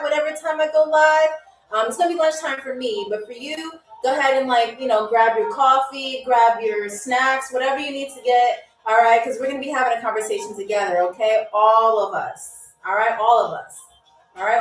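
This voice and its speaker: A high-pitched young woman hosts a live-stream trivia game, encouraging the viewers in the chat and peppering her talk with "okay?" and "all right?". She sounds roomy and set back from the mic, with faint music underneath. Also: far from the mic. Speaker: game show host. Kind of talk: live-stream hosting, reading viewer comments.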